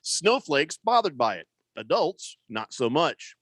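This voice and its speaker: A man's voice: fairly high pitch, sing-song, a little slow, fairly bright tone, no room sound. A middle-aged man hosting a sports talk radio show, chatting wryly and reading out listener texts with lots of fillers. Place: radio studio. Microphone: studio microphone.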